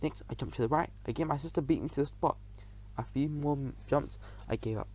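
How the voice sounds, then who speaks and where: A man reading a children's audiobook aloud as a first-person narrator, in a lively, expressive telling. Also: a little high, fairly quick, rough recording.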